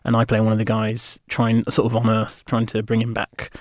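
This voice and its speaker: A man's voice: on the low side, monotone, a little fast, no echo. Comedian guy rambling through an interview, lots of ums, dry sound. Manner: rambling, hesitant, many fillers and self-corrections. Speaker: comedian and actor guest. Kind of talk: casual interview chat.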